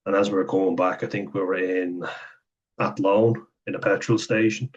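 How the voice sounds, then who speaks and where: Low, flat, husky Irish man. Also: normal speed, muffled recording. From Ireland. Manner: candid, sweary, chuckles while telling stories. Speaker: vlogger. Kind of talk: casual storytelling monologue.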